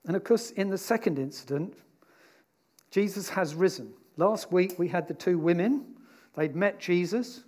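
Conversational male preacher, fairly high voice. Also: moderate pace. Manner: conversational and animated, voicing the disciples. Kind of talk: sermon.

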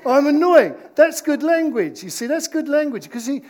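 Man, preacher, interactive church sermon, playful, emphatic pauses. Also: very high-pitched, big pitch swings.

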